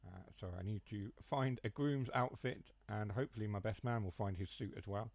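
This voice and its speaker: A young man from the Mansfield area speaks briskly in a low, darkish voice and a broad Huthwaite, Nottinghamshire accent that drops H's and T's. He's a train sim streamer rambling through jokey asides in casual stream chat. The close, dry recording has no echo or room sound.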